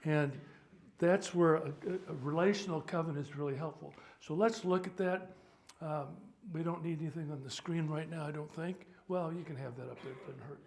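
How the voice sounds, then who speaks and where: Older male clergyman, informal teaching talk, wry asides, voice a touch high. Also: brisk, a little mellow. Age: 70s. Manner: chatty, joking, stops to sort out sound. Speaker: priest leading a workshop.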